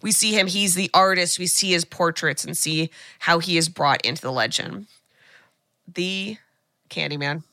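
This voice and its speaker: A woman's voice: fairly low pitch, moderate pace, bright, forceful tone, dry recording. A woman podcast co-host casually retelling a movie plot and chatting. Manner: retells a film plot with quoted voices. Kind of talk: casual chat.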